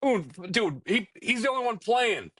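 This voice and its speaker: A young man rants on a casual podcast, swearing often and sounding fed up with his team. His voice sits at an ordinary pitch, and it is recorded close and dry with no room sound. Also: very animated, a little slow, a bit bright, slightly rough, no room sound, poor audio. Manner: profane, ranting, exasperated. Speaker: podcast co-host. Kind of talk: casual chat.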